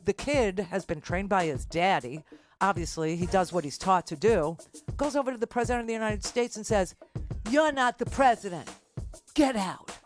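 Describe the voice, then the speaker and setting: An older woman hosting a radio talk show, rambling and self-deprecating, laughing often through an emotional farewell with callers. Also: medium pitch.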